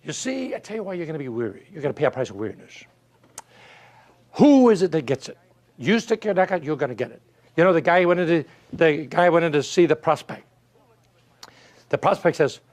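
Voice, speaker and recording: A man's voice: fairly high pitch, animated, a little fast, long pauses. Folksy older man giving a motivational speech. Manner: folksy storytelling, rhetorical questions, swings from loud to hushed. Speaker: motivational speaker.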